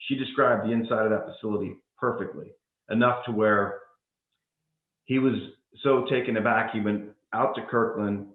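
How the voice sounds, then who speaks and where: A man's voice: on the low side, fairly even intonation, normal speed. A man interviewing a guest, talking conversationally as he retells a story. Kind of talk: casual interview talk. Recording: tinny phone line with echo.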